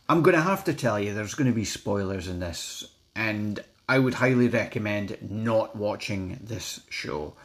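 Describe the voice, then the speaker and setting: A Scottish man giving a blunt, outspoken review in a casual vlog, swearing and stumbling over his words as he talks. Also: lowish voice.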